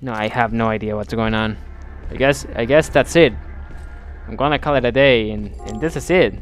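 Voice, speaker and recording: A man's voice: mid-range voice, moderate pace, soft background music. A man commenting on a video game as he plays, thinking aloud in a bemused way and often restarting his sentences. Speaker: gameplay commentator. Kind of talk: let's play commentary.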